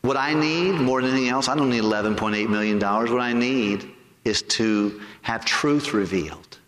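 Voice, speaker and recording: A man preaching a sermon to his congregation. He asks them rhetorical questions and stretches key words slowly for emphasis. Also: mid-range voice, a bit bright. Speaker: pastor. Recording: echoey hall with long reverb.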